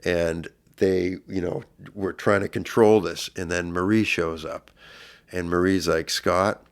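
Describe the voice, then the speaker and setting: A middle-aged man, a podcast guest, earnestly retelling a personal story, his voice swelling louder at intense moments. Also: low-pitched, flat delivery, unhurried, clean tone.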